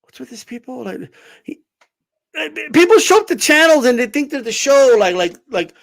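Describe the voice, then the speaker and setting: Brash, high-pitched man ranting. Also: expressive, normal speed, creaky, a bit bright. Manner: brash, profane, mocks commenters in put-on voices. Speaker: boxing channel host. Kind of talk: animated livestream rant.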